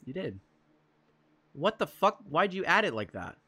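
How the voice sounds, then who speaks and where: A young man streaming a game live, loud and excitable, swearing and bursting into yells. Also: on the high side, a little slow, a little hiss or hum. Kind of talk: live let's-play commentary.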